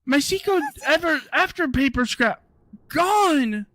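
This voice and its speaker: A woman's voice: high voice, expressive, slow, a bit bright, a little hiss or hum, pitched above the performer's own voice, heavily acted. A woman voicing a frightened teenage schoolgirl who is lost on her own, stammering and panicky. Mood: anxious. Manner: panicky, stammering, breathless questions. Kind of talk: dramatic game dub read-along.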